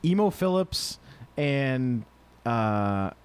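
A man's voice: medium pitch, very animated, extremely slow, clean tone. Enthusiastic man, laughing easily. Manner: enthusiastic, laughs often, profane, rambling. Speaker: podcast co-host. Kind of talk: casual chat.

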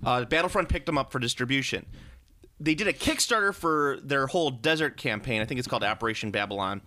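A man co-hosting a podcast, chatting loosely with a friend. His voice is bright and pressed, and he jokes, swears and trails off mid-sentence before starting over. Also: medium pitch, animated, fast talker. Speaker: podcast co-host. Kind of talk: casual chat.

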